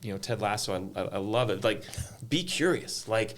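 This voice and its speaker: A middle-aged man, a golf tournament director, telling stories in an animated way on a panel, full of "like" fillers. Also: fairly low pitch, normal speed. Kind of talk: panel conversation, storytelling.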